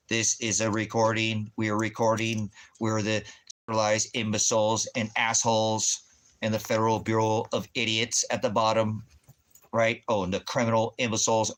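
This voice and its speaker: A man's voice: fairly low pitch, a bit bright. A man ranting in a rambling, heavily profane monologue as the host of his own channel. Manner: swears heavily, rambling, laughs often.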